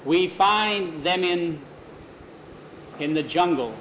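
A man's voice: high-pitched, slow, a bit bright. A man voicing a male native of a jungle village who speaks clipped, broken English and chants. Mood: commanding. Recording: roomy, dull lo-fi, faint hiss.

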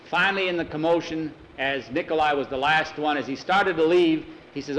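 A man's voice: fairly high pitch, a little fast, a bit bright, a little hiss or hum, poor audio. A man telling an adventure story aloud in a plain spoken way, with some restarts. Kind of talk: dramatic oral storytelling.

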